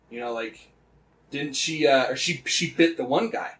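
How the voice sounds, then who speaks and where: A man's voice: medium pitch, steady tone, brisk, fairly bright tone. Man animatedly retelling a story, swearing freely. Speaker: podcast co-host. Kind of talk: casual podcast chat.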